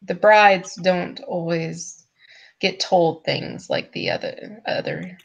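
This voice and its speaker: A fussy, nervous manservant, as a woman puts him on in a tabletop game. He speaks slowly, hedging every word with apologetic hesitations. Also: fairly low pitch, sing-song, creaky, exaggerated voice. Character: nervous, fussy male servant.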